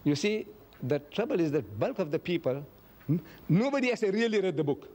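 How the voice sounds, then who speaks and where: A man gives a public lecture and takes questions from the audience. His voice sits a little high for a man. He tells stories with emphasis and acts out the quoted dialogue. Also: big pitch swings, brisk, a little mellow.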